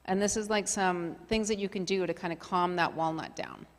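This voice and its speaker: A middle-aged woman leading a community workshop in a relaxed, chatty way, full of fillers and asides. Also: on the low side, normal speed. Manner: chatty, filler-heavy, conversational. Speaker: workshop facilitator. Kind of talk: casual workshop presentation. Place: community meeting hall. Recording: long hall reverb.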